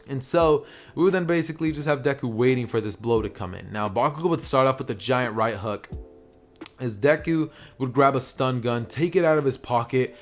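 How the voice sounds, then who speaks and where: A young man narrating a fan-made story in a loose, conversational way. He rambles along with plenty of filler words, at an everyday male pitch. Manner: rambling, lots of "you know" and "basically". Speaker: YouTuber narrating fan fiction. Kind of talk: casual storytelling.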